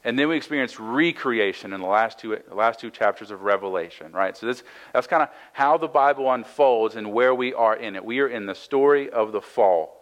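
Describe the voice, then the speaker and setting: This pastor talks a little fast with few pauses, his mid-range male voice captured on a rough recording. Working through a Bible passage in a conversational sermon, he reads scripture aloud, explains it, and keeps adding "right?"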